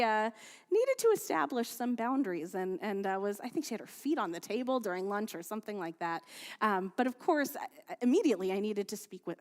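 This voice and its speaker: A woman rabbi leading prayers and giving a sermon, reading at a steady, measured pace and telling stories in a chatty, lively way with fillers. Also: fairly high pitch. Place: synagogue sanctuary. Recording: long hall reverb from a livestreamed service.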